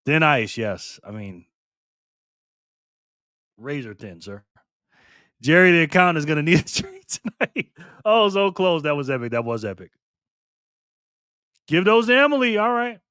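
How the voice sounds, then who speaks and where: Male streamer host, slightly high pitch, playful and teasing, dry close mic. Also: sing-song, a little slow, long pauses, fairly bright tone, dry recording. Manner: playful, teasing, laughs often. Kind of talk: casual live stream chat reading viewer comments.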